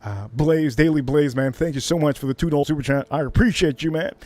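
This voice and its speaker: Hyped high-voiced male streamer. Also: quick pace, no room sound. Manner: hyped, repetitive, shouts catchphrases. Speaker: livestream host. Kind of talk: casual livestream chat.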